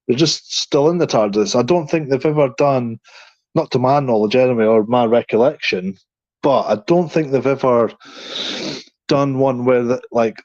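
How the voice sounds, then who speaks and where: A man's voice: mid-range voice, darkish tone, no room sound. A man co-hosting a podcast in casual chat, rambling with many restarts and "you know what I mean". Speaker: podcast co-host. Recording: dry, slightly dull sound.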